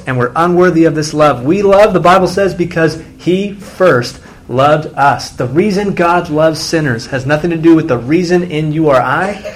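A man preaching a sermon in an earnest way, using repeated refrains and acting out the voices in the story he tells. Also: medium pitch. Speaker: pastor.

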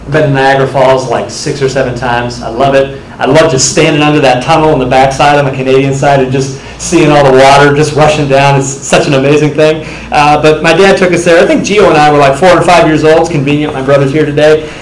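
A man's voice: fairly high pitch, fairly quick, hardly any pauses, a little hiss or hum. Earnest male preacher in an echoey room. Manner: earnest preaching that turns animated and laughing in storytelling. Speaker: pastor. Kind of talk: sermon.

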